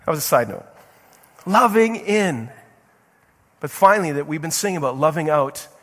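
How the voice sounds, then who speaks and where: High-voiced impassioned male pastor preaching. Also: lively intonation, normal speed, a bit bright. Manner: impassioned preaching, urgent questions to the congregation; stumbling restarts and repeated words. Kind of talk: sermon. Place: church sanctuary. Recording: long reverb of a large hall.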